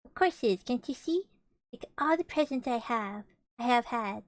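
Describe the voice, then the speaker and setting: A woman's voice: on the high side, animated, normal speed, no echo, clean studio sound, close to an everyday voice. A woman reading gloomy old donkey Eeyore. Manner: mournful, sarcastic. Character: gloomy self-pitying old male donkey. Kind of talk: storybook reading.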